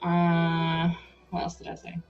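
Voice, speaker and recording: A young woman hosting a live stream, chatting excitedly and laughing as she builds a toy set. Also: fairly low pitch, slow, highs cut off, faint music behind. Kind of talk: casual chat while building a toy set.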